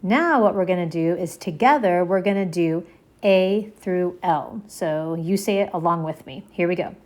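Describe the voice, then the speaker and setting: A woman with a fairly low, slightly mellow voice gives a slow, patient Spanish alphabet lesson at a moderate pace. She says each letter twice and walks through its sound step by step.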